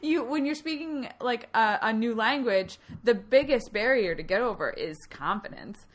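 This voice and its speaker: A woman chatting casually and telling animated stories, laughing often. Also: fairly high pitch, normal speed. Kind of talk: casual chat.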